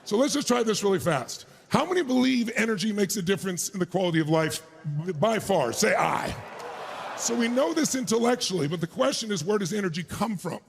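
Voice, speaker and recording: A middle-aged man speaking as a motivational speaker at a live keynote, loudly firing up the audience. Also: high-pitched, lively intonation, brisk, creaky, a little hiss or hum. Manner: loud, crowd-rousing, hype-driving, shouting bursts. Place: large conference stage before a live audience.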